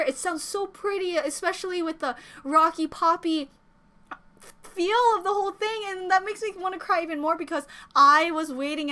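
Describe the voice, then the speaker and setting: High-voiced and bright, a woman who makes K-pop reaction videos gushes excitedly over a music video. Her reaction is exclamatory, emotional and rambling.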